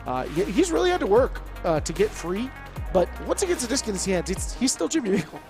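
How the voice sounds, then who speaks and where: A man's voice: high voice, wildly swooping pitch, a little fast, music in the background. A man giving sports color commentary, breaking plays down step by step in a wordy way with frequent restarts.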